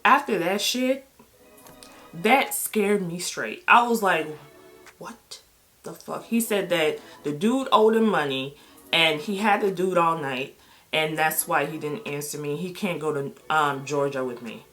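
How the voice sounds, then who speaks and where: A woman's voice: low voice, unhurried, fairly bright tone, soft background music. A middle-aged woman vlogger telling a personal story in a casual, candid way, blunt and swearing freely.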